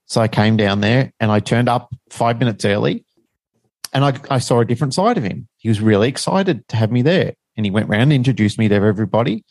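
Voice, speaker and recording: A man's voice: medium pitch, expressive, fast, a little mellow, no room sound. A middle-aged man, telling a personal story as a guest in a frank, rambling, self-deprecating way.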